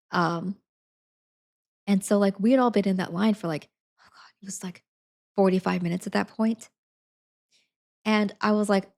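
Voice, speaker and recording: A woman's voice: mid-range voice, steady tone, moderate pace, long pauses, a little mellow. A young woman streamer telling a story in casual chat, full of fillers, acting out what people said. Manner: chatty, many fillers, acts out quotes.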